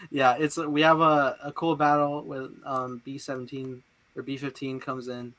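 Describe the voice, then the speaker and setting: Young male podcast host, bright voice, excitable and laughing, swears freely. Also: mid-range voice, unhurried. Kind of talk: casual chat.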